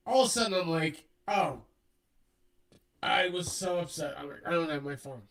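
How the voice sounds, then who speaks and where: A man with a fairly high voice tells a rambling story in casual chat and acts out the dialogue as he goes. He sits a little back from the mic. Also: a bit bright, recorded from a distance, low-quality recording. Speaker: co-host.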